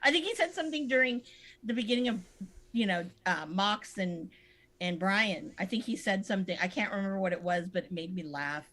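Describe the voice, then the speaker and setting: A woman talks on a live stream in a mid-pitched, everyday voice. She chats in an easygoing way, agrees often and laughs as she tells her stories. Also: lively intonation, brisk, a bit bright. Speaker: podcast co-host. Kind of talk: casual chat.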